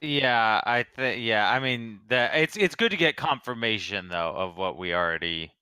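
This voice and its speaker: A man playing a tabletop game, stammering and quick to laugh. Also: on the low side, expressive, sharp tone, clean tone, no echo, clean studio sound. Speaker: player. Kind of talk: casual tabletop play.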